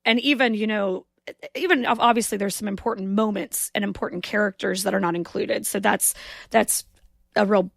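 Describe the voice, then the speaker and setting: A woman's voice: mid-range voice, steady tone, normal speed, vocal fry, dry recording, studio quality. A woman from the American South co-hosting a podcast, chatting emphatically about a film and repeating her points. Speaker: podcast co-host. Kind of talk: casual film discussion.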